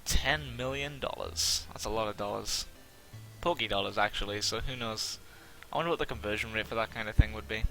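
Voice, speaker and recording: A man's voice: fairly low pitch, brisk, creaky, faint music behind. Rambling, self-mocking young gamer guy. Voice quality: somewhat monotone. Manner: rambling, self-deprecating, many fillers. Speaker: let's-play gamer. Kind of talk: casual gameplay commentary.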